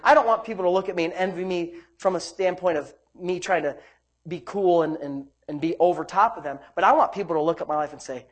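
A man's voice: high voice, fast. A man preaching a sermon as pastor, fervent and exclaiming praise between verses.

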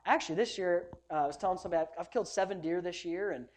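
A man, a pastor preaching a sermon, telling stories with loud bursts and hushed asides. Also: high-pitched, very fast. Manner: animated storytelling, swings between loud bursts and hushed asides.

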